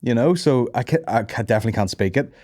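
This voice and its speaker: A man's voice: medium pitch, expressive, a little mellow. A man hosting a comedy podcast, rambling and swearing as he chats. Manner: sweary, rambling, quick to laugh. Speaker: podcast host. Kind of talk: casual comedy chat.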